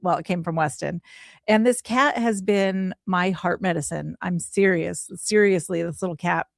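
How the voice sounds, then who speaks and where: A woman in her forties, a podcast guest, telling a heartfelt personal story in an animated way, acting out the voices she quotes. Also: lowish voice, normal speed, creaky, no echo, clean studio sound. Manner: animated, acts out quoted voices, laughs often.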